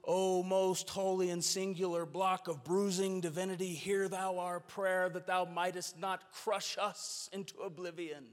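A fearful worshipper prays in drawn-out, overblown archaic words, as a man puts him on. The voice is slightly raised and solemn to the point of parody. Long reverb hangs on each phrase. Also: sits high, little pitch movement, soft background music, pitched above the performer's own voice. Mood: mock solemn. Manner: slow, archaic, exaggerated solemnity. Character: mock-pompous worshipper praying in fear.

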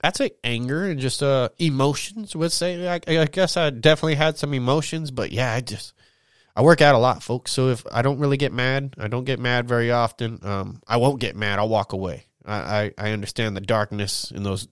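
A young man hosting his own podcast talks in a smooth mid-range voice, frank and casual, rambling along with lots of swearing and drawn-out "man"s. The recording is dry and studio-clean.

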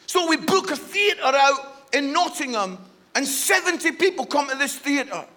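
Animated preacher, very high bright voice, playful storyteller who talks to the room. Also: male voice, normal speed. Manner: animated, playful, addresses the audience directly. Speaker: guest preacher. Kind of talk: humorous storytelling sermon.

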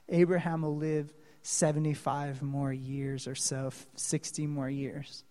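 A man's fairly high voice carries through a long-reverb hall as he preaches a dramatic, story-driven sermon at a measured pace. His intonation stays fairly even, though he moves from soft asides to loud exclamations and asks his listeners questions.

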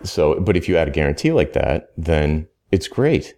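Very deep and dark in tone, this man's voice is very animated at a normal speed. As a consultant guest in a casual podcast conversation, he rambles emphatically and keeps restarting sentences to correct himself.

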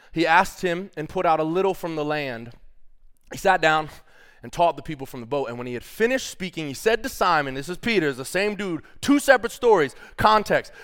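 Energetic, smooth-voiced preacher man. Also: on the high side. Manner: casual and playful, addressing the congregation as y'all. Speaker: pastor. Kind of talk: sermon.

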